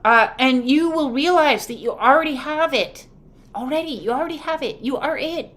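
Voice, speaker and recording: Woman, high-pitched, live tarot reading, casual, emphatic, salty language. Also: animated, moderate pace, a bit bright. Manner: casual, emphatic, swears freely; acts out quoted voices. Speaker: oracle and tarot card reader. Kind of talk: live spiritual card reading, answering viewers.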